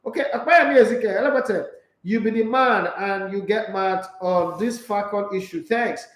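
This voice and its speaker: A playful Nigerian man hosts a sports talk stream, bouncing between English and Pidgin as he reads out viewer messages. His voice sits high for a man. The sound carries a noticeable room echo. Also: normal speed. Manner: playful, animated, slipping into Pidgin. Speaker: sports talk show host. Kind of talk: casual live-stream chat reading viewer comments.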